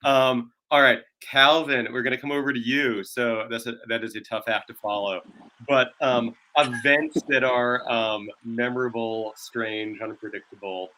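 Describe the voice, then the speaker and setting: A man's voice: mid-range voice, steady tone, a little slow, pushed and bright. A man hosting a bookstore interview show, friendly and upbeat, handing the talk between guests. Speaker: bookstore owner host.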